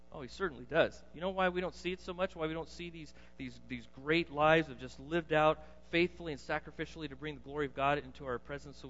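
A man preaching a sermon, swinging between loud emphatic bursts and quiet low asides. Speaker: pastor. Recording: dull lo-fi sound in a reverberant hall.

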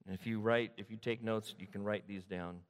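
A man from the Sacramento area preaching a sermon, retelling the story with animated repetition. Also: on the low side, brisk, long reverb tail. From Sacramento area, California. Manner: animated storytelling, repeats phrases. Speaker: pastor.

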